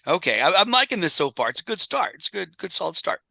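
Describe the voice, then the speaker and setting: A man co-hosting a film podcast, chatting casually and thinking out loud. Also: high voice, very animated, fast talker, creaky, no echo. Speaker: podcast co-host. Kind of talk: casual chat.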